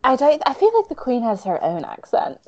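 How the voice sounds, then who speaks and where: A woman's voice: on the high side, wildly swooping pitch, darkish tone. A woman co-hosting a casual podcast, jumping in with firm opinions. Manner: opinionated, quick to jump in. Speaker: podcast co-host. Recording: dull lo-fi audio.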